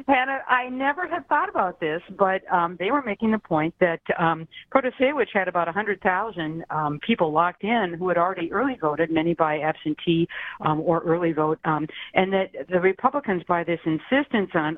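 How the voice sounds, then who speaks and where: A man's voice: high voice, lively intonation, moderate pace, no echo. Rambling man on a tinny phone line. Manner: rambling, hesitant with many ums. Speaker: caller. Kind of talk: call-in radio chat.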